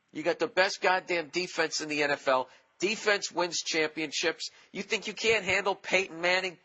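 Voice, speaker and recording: A man in his forties with a Boston accent, hosting a solo podcast in a profane, sarcastic comic rant that jumps up loud when he mocks people. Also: fairly high pitch, slightly rough. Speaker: podcast host.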